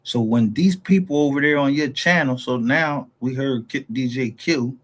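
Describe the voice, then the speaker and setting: A man in the middle of a heated commentary rant, swearing freely and rambling from one grievance to the next. His sentences often break off and restart as he pushes his point. His voice sits at an ordinary male pitch. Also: normal speed. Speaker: YouTube commentator.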